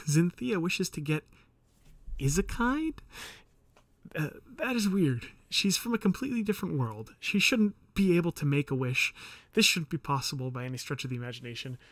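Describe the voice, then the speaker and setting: A man's voice: a little high, lively intonation, moderate pace, dry recording. A male streamer in casual livestream commentary, chatty and rambling, reading game text aloud with frequent laughter.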